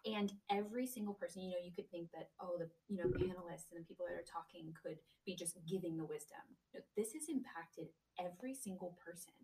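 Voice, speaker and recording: A woman chatting casually and with deep feeling about an event. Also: quick pace, few pauses, mellow, rough recording. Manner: heartfelt, emotional. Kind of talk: casual chat.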